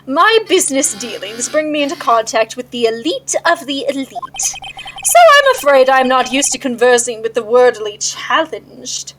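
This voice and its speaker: A woman's voice: high-pitched, big pitch swings, normal speed, noisy background. A woman voicing a pompous, arrogant male company chief who shows off with grandiose invented words, reading along with a game.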